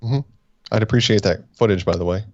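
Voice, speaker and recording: A man's voice: fairly low pitch, fast, darkish tone, no room sound, dull audio. A man co-hosting a fan review podcast, chatting casually in a laid-back, teasing way. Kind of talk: casual chat.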